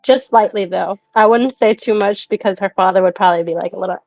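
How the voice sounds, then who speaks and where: A woman's voice: mid-range voice, quick pace, darkish tone, no echo, faint music behind. Girl at the table, giggly chatter, tabletop game, dull lo-fi sound. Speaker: player. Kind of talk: casual tabletop play. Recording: dry, dull lo-fi mic.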